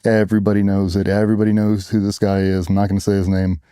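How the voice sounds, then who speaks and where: A middle-aged man with a very dark, mellow voice tells blunt war stories and acts out the quotes. His speech is a little low in pitch and sounds close and dry, with no room around it. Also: completely flat delivery, quick pace, clear, resonant tone, no room sound. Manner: blunt, profane storytelling with acted-out quotes. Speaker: guest, former special operations sailor. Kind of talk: storytelling in a casual interview.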